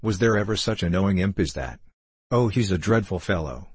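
A man with a very low, husky voice playing an earnest middle-aged locksmith who speaks cautiously and confidingly in an audiobook. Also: animated, brisk, dry recording. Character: earnest middle-aged male locksmith, kindly but wary.

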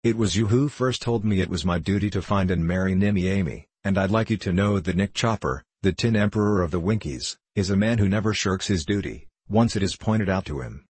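A formal, earnest tin emperor, read by a man with a deep, husky voice. He talks in a measured, dutiful way, close and dry in a storybook audiobook. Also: a little mellow, no room sound. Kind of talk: audiobook reading.

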